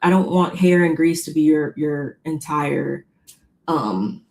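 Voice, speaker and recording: A woman co-hosting a casual recap chat, retelling scenes in an animated way with quoted voices. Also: low-pitched, slow pace, gravelly. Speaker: podcast co-host recapping a reality show.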